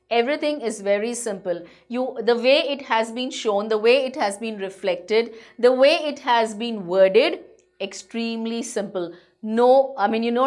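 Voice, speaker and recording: A woman teacher with an Indian English accent, explaining a lesson to students, patient and repeating points to reassure them. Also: on the high side. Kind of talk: online class lecture.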